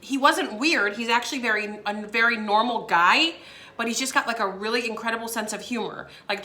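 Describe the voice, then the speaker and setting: Young woman, casual storytime, giggly, lots of fillers, bright voice. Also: fairly high pitch. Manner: giggly, laughs between phrases, many fillers. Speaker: vlogger.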